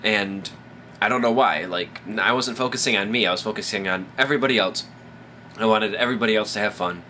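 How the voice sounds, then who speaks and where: Drunk man vlogging, bright tense voice, rambling and swearing, faint hiss behind. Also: fairly low pitch, fast. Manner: rambling, profane, animated. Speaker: vlogger, host of his own show. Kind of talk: casual advice vlog storytelling.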